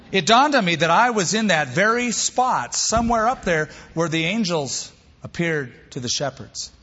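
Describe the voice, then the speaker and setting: A man's voice: fairly bright tone, slightly rough. Male pastor, emphatic sermon delivery, muffled lo-fi recording with long reverb. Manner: emphatic, varies pace and pitch for stress. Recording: long hall reverb, dull lo-fi sound.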